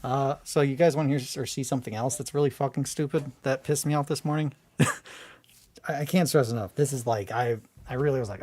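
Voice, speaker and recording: A man hosting a hobby video, talking in a casual, rambling way, swearing freely and trying to calm down from a bad mood. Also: medium pitch, brisk. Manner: excitable, rambling, swears freely, restarts often.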